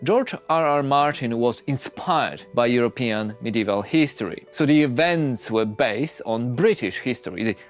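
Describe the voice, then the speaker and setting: A man giving scripted explainer narration in a lively, explanatory manner. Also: medium pitch, moderate pace, few pauses, faint music behind. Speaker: video narrator.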